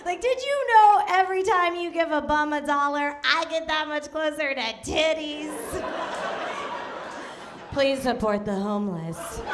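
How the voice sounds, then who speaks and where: Giggly female stand-up comic on a club stage, slow-paced, faint room hum behind. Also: very high voice. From New York City. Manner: giggly, laughs through lines. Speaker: stand-up comedian. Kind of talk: stand-up routine.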